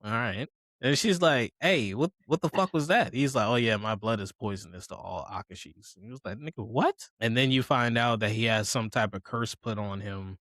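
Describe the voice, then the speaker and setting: A man's voice: mid-range voice, moderate pace, fairly bright tone, no echo. A man casually recapping an anime episode, acting out characters' lines with profane slang. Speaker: podcast co-host.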